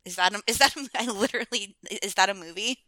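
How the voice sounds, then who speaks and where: A woman's voice: medium pitch, fast, sharp tone, no echo. A woman chatting casually as a podcast guest. She rambles, fills her talk with "like," and laughs often. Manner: rambling, many "like"s, frequent laughs. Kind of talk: casual chat.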